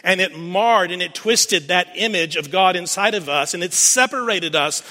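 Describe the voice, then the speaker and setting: A man's voice: sits high, moderate pace, pushed and bright. A man preaching a sermon, retelling a scripture scene as a story and repeating key phrases for emphasis. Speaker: pastor. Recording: long reverb of a large hall.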